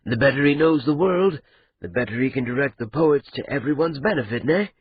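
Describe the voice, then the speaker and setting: A man voicing a careful, polite court envoy who speaks in a measured, probing way. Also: mid-range voice, expressive, narrow, tinny audio, slight background noise, lightly acted.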